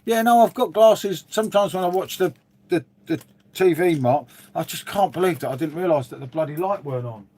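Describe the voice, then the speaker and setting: A man's voice: fairly high pitch, fairly quick, mellow, breathy edge. A middle-aged man hosting a casual livestream from his dim room at home, rambling and calling his viewers "mate" as he answers them. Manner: chatty, rambling, says "mate" a lot, reads and answers viewers. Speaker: livestream host. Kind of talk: casual live-stream chat.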